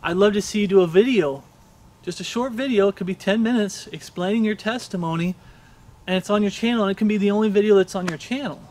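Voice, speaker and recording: A man's voice: sits high, quick pace, darkish tone, a little hiss or hum. A man preaching a sermon for an online channel, earnest and repetitive, often checking in with "Okay?".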